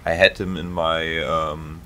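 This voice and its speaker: A man's voice: extremely low pitch, level tone, slow pace, pushed and bright, slight background noise. A man with a German accent commentating on a game replay, hesitant and searching for English words. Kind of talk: gameplay commentary.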